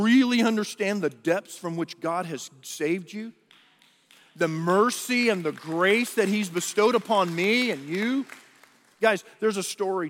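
A male pastor preaches in a high, earnest voice, often restarting his phrases. His words ring out with a long echo in a large church hall. His delivery is conversational rather than polished. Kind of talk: sermon.

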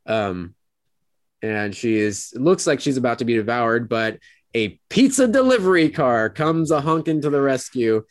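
A man co-hosting a podcast, recapping an episode in a rambling casual way and acting out quoted lines in high voices. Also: lively intonation, unhurried, dry recording, studio quality. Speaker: podcast co-host.

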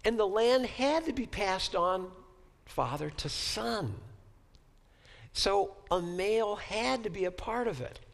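Slow, gravelly male Bible professor. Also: high-pitched, animated. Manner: halting, repeats words while searching for phrasing; asks the class rhetorical questions. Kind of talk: Bible lecture.

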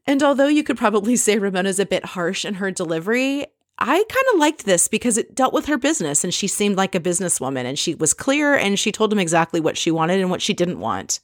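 A woman's voice: medium pitch, sing-song, fast, few pauses, no echo, studio quality. A woman recapping a reality TV episode in a chatty, opinionated and snarky way. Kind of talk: casual recap commentary.

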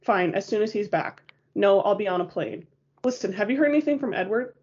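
A woman reading an audiobook voices a sharp, commanding young woman who speaks in a clipped, cutting way. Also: mid-range voice, animated, a little fast, slightly rough, muffled recording. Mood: brisk.

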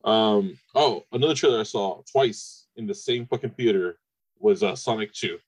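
A man's voice: fairly low pitch, moderate pace, husky, no echo, rough recording. A man co-hosting a casual movie trailer podcast, enthusiastic and laughing easily, swearing casually. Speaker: podcast co-host.

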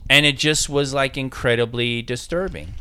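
A man spins an anecdote in relaxed conversation, lively and slipping into other people's voices. His tone is bright and forward, and his words come out clear and crisp. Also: medium pitch, moderate pace. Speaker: podcast guest telling a story. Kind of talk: casual storytelling.

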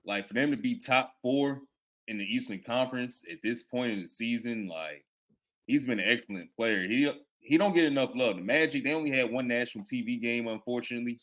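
A man on a casual sports podcast, calmly running through player statistics. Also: medium pitch, brisk. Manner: steady, stat-heavy.

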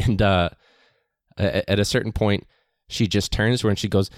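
A man's voice: lowish voice, steady tone, moderate pace, dry recording, clean studio sound. A man, a teacher, hosting his podcast in a casual, rambling monologue full of fillers. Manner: chatty, rambling, many fillers.

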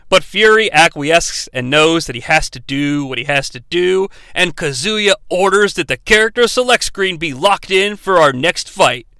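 Casting: a wry, bright-voiced man, animated pitch, dry close sound, rambling and sarcastic. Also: no room sound. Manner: sarcastic, profane, rambling asides. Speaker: movie review host. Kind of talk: comedic movie recap.

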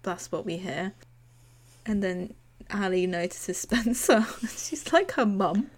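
A woman's voice: mid-range voice, expressive, slow pace. A young woman co-hosting a podcast, recapping a TV episode in casual chat and often acting out lines from the scenes with a giggle. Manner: chatty, giggly, retells scenes in quoted voices. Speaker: podcast co-host.

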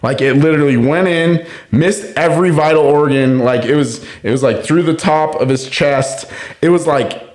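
A man's voice: on the high side, normal speed, a little mellow. A young man chatting casually on a podcast, rambling through a story with lots of fillers and frequent laughter. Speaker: podcast host.

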